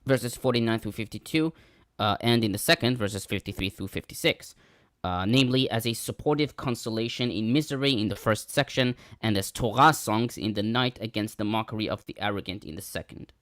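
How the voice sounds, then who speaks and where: A man's voice: fairly low pitch, fairly quick, fairly bright tone, no room sound. Careful scholarly man, dry sound. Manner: careful, with frequent ums and restarts. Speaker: scholar giving commentary. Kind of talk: podcast discussion and reading.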